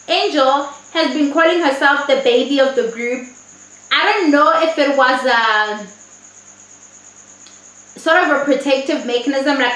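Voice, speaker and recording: A woman talks through a reality show episode in a loose, candid way, swearing as she goes. Her voice sits a little high. The room around her sounds echoey. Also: a little slow, a bit bright. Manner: chatty, candid, swears freely. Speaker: TV show reviewer. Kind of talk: casual review vlog.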